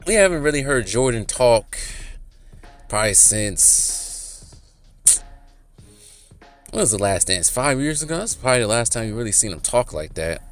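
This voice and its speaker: A man rambling casually in a commentary vlog, chatty and often laughing. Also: on the low side. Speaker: YouTuber.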